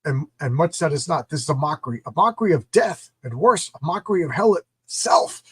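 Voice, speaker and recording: A man's voice: a little high, expressive, a little fast, slightly rough. A man voicing a flaming undead male avenger, declaiming theatrically. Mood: defiant.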